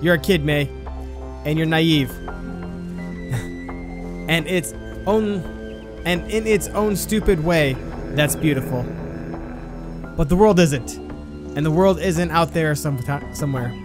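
A man reading the lines of a stern small-town cop who speaks in a slow, measured, ominous way. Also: fairly high pitch, over music. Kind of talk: reading game dialogue aloud.

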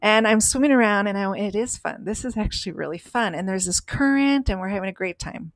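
A woman's voice: mid-range voice, fairly quick, no room sound. A woman co-hosting a podcast, telling a personal story in an earnest, emphatic way. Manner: earnest, emphatic, acts out voices in stories. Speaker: podcast co-host.

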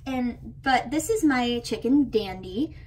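High, chirpy young woman in a skit. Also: animated, slow pace, very noisy. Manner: chirpy, exaggerated student introductions. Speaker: amateur actor playing several students. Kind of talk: home-made skit, playing several characters.

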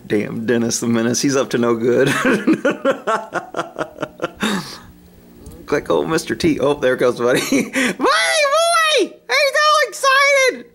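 A man's voice: very animated, takes it slowly, vocal fry, long pauses, slight background noise. Guy filming his horses, swoops way up and down, jokey baby talk. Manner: joking, with high baby talk to the animals. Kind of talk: casual vlog commentary. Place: outdoors at a pasture.

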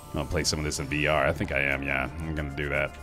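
A man's voice: very deep voice, flat delivery, rapid-fire, music in the background. A man streaming a video game live, chatting casually and rambling between remarks on the game. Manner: chatty, rambling, jumps to loud yelps when startled.

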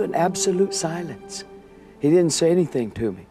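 A man telling an animated story as a guest on a TV interview. He laughs often and acts out the scenes. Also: fairly high pitch, fairly quick, over music.

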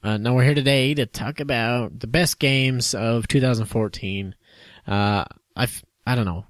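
A man's voice: mid-range voice, normal speed, no echo. Joking male podcast co-host, dry sound. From United States. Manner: joking, laughs often, trails off and restarts. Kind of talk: casual chat.

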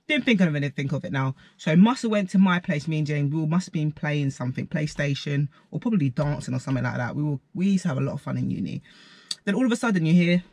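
Husky young man telling a story. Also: a little high, animated, fast, a little mellow, no echo. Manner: slangy, chatty retelling with quoted asides. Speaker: vlogger. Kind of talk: casual storytime.

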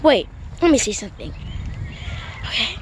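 A woman improvising a game role-play, excitable, gasping and yelling at surprises. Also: a little high, normal speed, background noise. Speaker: player.

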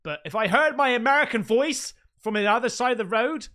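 A British man reacting casually to ghost clips, loud and excitable, swearing freely. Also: very high-pitched, brisk. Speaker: reaction video host.

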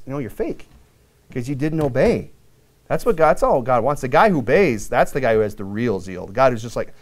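Male pastor preaching an animated sermon with acted-out quotes. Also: medium pitch, fairly quick.

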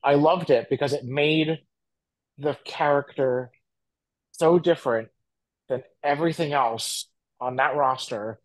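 A man's voice: on the high side, a little slow, long pauses, no echo, rough recording. A man co-hosting a podcast, talking earnestly and rambling with frequent fillers. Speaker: podcast co-host. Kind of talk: casual podcast chat.

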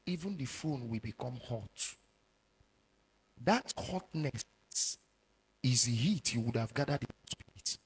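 A man with a Nigerian accent preaching a sermon as an evangelist, moving from low murmurs to shouted warnings. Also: animated, measured pace, pauses often, breathy edge. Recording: long hall reverb.

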